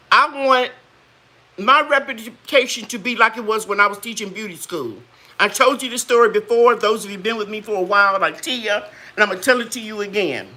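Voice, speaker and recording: A woman's voice: medium pitch, pushed and bright. A woman hosting a live gardening chat, folksy and chatty, greeting viewers and laughing often. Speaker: gardening channel host.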